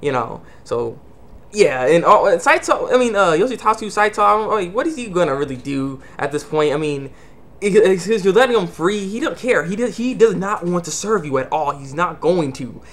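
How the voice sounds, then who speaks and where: A man's voice: high voice, expressive, normal speed. Rambling man recapping an anime episode. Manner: rambling, many fillers and restarts; acts out characters' lines in quotes. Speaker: anime reviewer.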